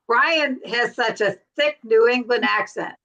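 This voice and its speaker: A woman from North Carolina hosts a casual livestream chat. She talks freely and laughs easily, in a relaxed, everyday tone. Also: on the high side, lo-fi sound. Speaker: livestream host.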